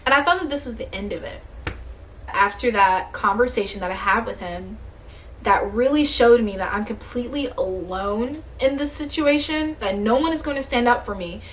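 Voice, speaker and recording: Sounding tired and hungry, a young female vlogger rants bluntly and animatedly about something that happened at work, cursing frequently. She speaks briskly in a slightly high voice.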